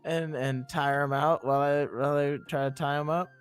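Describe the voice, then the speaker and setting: A man's voice: fairly high pitch, fairly even intonation, moderate pace, smooth, soft background music. A man playing a tabletop game, describing his moves in a hesitant, chatty way. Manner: hesitant, chatty, laughs often. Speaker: player. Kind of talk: casual tabletop play.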